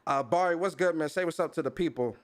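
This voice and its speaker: Hyped, high-voiced gaming podcast host. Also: male voice, quick pace. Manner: animated, hype, repeats phrases like "you understand?". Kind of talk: casual gaming podcast chat. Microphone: home mic over Discord call.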